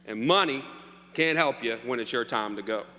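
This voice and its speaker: A man's voice: mid-range voice, moderate pace, pushed and bright. A man preaching a sermon as pastor, joking playfully with his congregation. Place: church hall. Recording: long hall reverb, faint hum.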